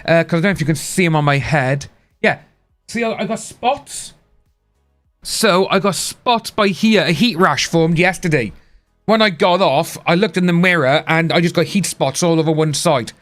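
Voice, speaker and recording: A man's voice: fairly high pitch, moderate pace, fairly bright tone. A man chatting casually on a live stream, rambling and replying to his chat. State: hiccups. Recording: faint music behind.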